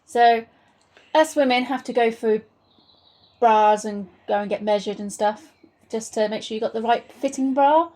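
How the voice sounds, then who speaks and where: High-voiced woman telling a story. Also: moderate pace, darkish tone. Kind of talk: casual storytelling chat.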